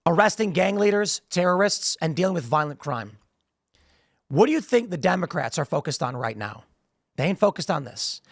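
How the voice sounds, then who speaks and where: A man's voice: a little high, big pitch swings, moderate pace, creaky, no echo, studio quality. A man hosting a political commentary show, talking emphatically while losing his voice, often repeating words as he starts sentences. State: losing his voice, strained throat. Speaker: show host.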